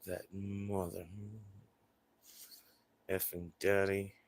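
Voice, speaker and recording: A man voicing his grumpy, chunky female pet dog as she quietly grumbles and complains. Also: low-pitched, monotone, extremely slow, no echo, exaggerated voice. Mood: grumbling.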